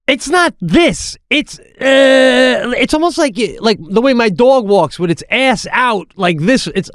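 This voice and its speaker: A man's voice: very high voice, a little slow, no echo, studio quality. A man co-hosting a comedy podcast, chatting casually and acting out quotes from other people. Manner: animated storyteller who acts out quotes in put-on voices. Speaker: podcast co-host.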